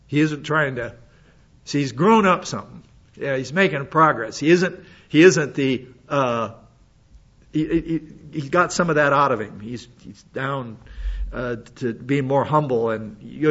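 A man's voice: mid-range voice, normal speed, a bit bright. An older man preaching a sermon as a pastor, folksy and rambling, with many restarts and asides. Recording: slightly dull lo-fi recording.

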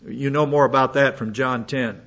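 A man's voice: mid-range voice, steady tone, moderate pace, fairly bright tone. An older man preaching a sermon as a pastor, folksy and rambling, with many restarts and asides. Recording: slightly dull lo-fi recording.

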